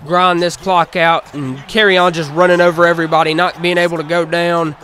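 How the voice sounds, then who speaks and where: A man giving casual play-by-play commentary over his own video game, calling each play like a sportscaster with relaxed fillers in between. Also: fairly high pitch, brisk, a little hiss or hum.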